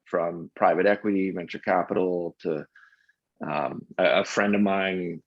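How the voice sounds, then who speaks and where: A man as a podcast guest, telling an animated anecdote in casual conversation, often restarting his sentences. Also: low voice, measured pace, no echo. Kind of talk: casual interview storytelling. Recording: dull lo-fi dry sound.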